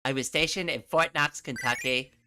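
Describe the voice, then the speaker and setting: A woman's voice: very deep voice, normal speed, noisy background. A middle-aged woman from New England chatting casually on a livestream from her room, rambling and laughing often. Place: home room.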